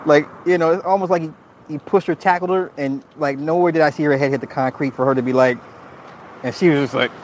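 A man giving casual livestream commentary, animated and laughing often, swearing freely and restarting his sentences. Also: a little high, quick pace, a little hiss or hum. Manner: frequent restarts and repeated words. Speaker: streamer reacting to viewer comments.

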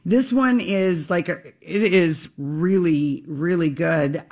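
Woman radio host, fairly low voice, upbeat celebrity chatter. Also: slow, darkish tone. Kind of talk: casual chat.

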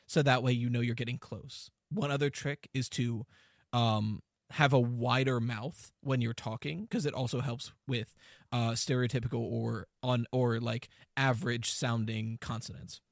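Male podcast host, casual and rambling, medium pitch, dry recording. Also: fairly even intonation, moderate pace, vocal fry, dry recording. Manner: explains in a loose, rambling way with many fillers.

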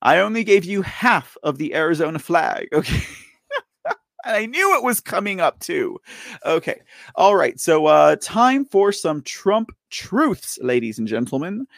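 A man's voice: a little high, big pitch swings, normal speed, vocal fry, dry recording, studio quality. A man hosting a political commentary show in a playful, rambling way, often correcting himself. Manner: playful, rambling, self-correcting, keeps saying ladies and gentlemen. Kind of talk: casual live commentary.

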